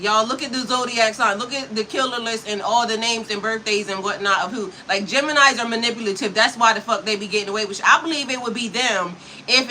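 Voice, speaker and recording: A woman's voice: on the high side, sharp tone, slight background noise, rough recording. A woman in her fifties, livestreaming to her chat in a sassy, profane way, with frequent laughter, talking into a computer mic. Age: 50s. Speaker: spiritual coach livestreaming to chat.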